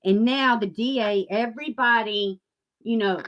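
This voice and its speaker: A woman hosting a profane, sarcastic commentary rant, jumping from loud outbursts to mocking near-whispers. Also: on the high side, measured pace, highs cut off. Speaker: YouTube commentary host. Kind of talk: ranting commentary.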